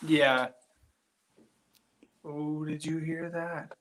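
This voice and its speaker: A man talking as a guest paranormal investigator on a live show, rambling and excitable as he tells stories from inside an old building at night. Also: on the high side, very slow. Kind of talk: casual live chat from an investigation site.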